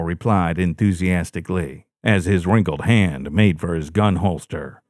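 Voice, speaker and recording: A man narrating a first-person horror story in a dramatic, expressive way. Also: low-pitched, unhurried, few pauses, no echo. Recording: dry close-mic narration.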